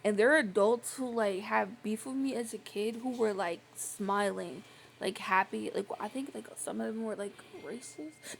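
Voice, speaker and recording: A young woman vlogger telling personal stories in a quiet, rambling, casual way, filling her talk with "like". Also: a little high, lively intonation, moderate pace, creaky, slight background noise. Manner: rambling, filler-heavy with frequent "like"; quiet, soft-spoken. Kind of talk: casual storytelling chat.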